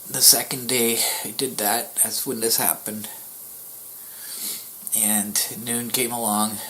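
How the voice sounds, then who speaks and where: A man speaking at a middle pitch, telling a personal story to his viewers. His delivery is halting and soft, full of pauses and restarts, and it sinks now and then to a near-whisper. The tone is somber and grieving. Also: slight background noise, poor audio. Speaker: YouTuber.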